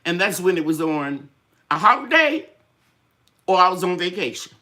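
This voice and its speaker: Lively, chatty older woman host. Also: on the low side, moderate pace. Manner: chatty, storytelling, acts out quoted voices. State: a little tired, sinuses draining. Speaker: gardening channel host. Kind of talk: casual live-stream chat.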